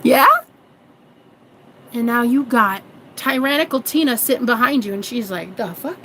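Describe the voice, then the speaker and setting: A woman's voice: a little high, moderate pace, fairly bright tone, slight background noise, rough recording. Sassy preachy woman in her thirties. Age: 30s. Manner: sassy and preachy, calls viewers girl and honey; swears freely. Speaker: manifestation coach. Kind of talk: casual vlog monologue.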